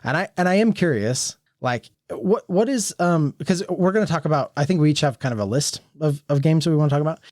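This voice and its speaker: A man's voice: fairly high pitch, animated, fast, few pauses, darkish tone, no echo. Chatty male podcast host, dry close mic. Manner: chatty, steers the conversation. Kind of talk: casual chat.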